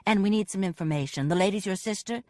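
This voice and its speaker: A woman reader voicing a young woman paramedic who asks calm, matter-of-fact questions. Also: mid-range voice, fast talker, no room sound, clean studio sound, natural voice. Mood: businesslike.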